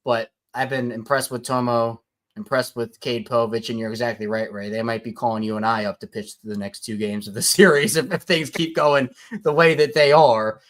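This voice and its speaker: A man hosting a casual sports fan call-in stream, chatty and quick to laugh. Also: mid-range voice, fairly even intonation. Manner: chatty, laughs often, repeats himself. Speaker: host of a fan call-in show. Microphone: streaming setup.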